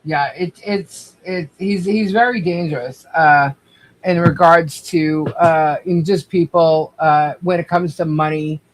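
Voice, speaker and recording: A woman co-hosting a livestream, speaking in a calming, halting way with many fillers and restarts. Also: low-pitched, slight background noise, rough recording. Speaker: co-host. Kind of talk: livestream commentary.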